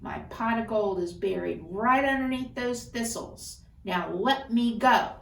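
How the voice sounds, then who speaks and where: A woman voicing a tricky little male leprechaun in a squeaky, frantic, wheedling voice while telling a folktale. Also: a little slow, creaky, recorded from a distance, a little hiss or hum. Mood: sly. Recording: roomy echo, voice off-mic.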